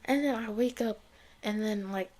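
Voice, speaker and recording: A woman's voice: mid-range voice, moderate pace, darkish tone. A young adult woman telling a personal faith story in a casual, chatty way, often dropping to a near-whisper. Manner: chatty, heavy use of "like" and "y'all", often drops to a near-whisper. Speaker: vlogger sharing a faith testimony.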